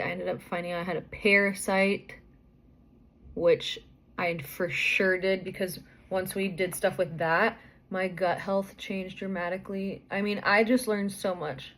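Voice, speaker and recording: A woman's voice: lowish voice, a bit bright, a little hiss or hum. A young woman vlogger, out of breath and pregnant, chatting through a rambling personal story full of fillers and restarts.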